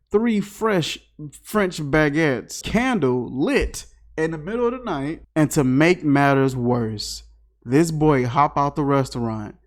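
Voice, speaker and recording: A man giving a casual, comedic movie review, riffing with incredulous, slangy asides. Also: fairly high pitch. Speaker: film reviewer.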